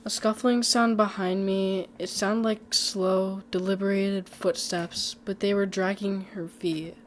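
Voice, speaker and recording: A woman's voice: mid-range voice, little pitch movement, unhurried, slight background noise. A woman reading a first-person horror story aloud in a conversational way, with small slips and restarts.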